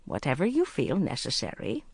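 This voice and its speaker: An audiobook narrator reading the lines of a calm, stubborn elderly woman spy who speaks steadily. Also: lowish voice, measured pace, breathy edge, dry recording, full character voice. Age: older.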